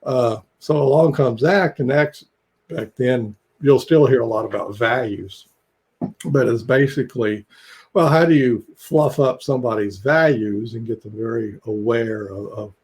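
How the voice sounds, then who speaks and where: On a casual video call, an older man appearing as a psychologist guest rambles through stories with fillers and chuckles. His mid-range voice is darkish and a bit breathy, and he speaks at a measured pace.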